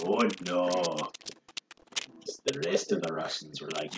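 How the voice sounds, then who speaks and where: A man guesting on a gaming video, cracking deadpan jokes in a put-on Russian accent. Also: sits low, unhurried, gravelly, pauses often, reverberant, recorded from a distance, background noise. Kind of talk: joking commentary over gameplay.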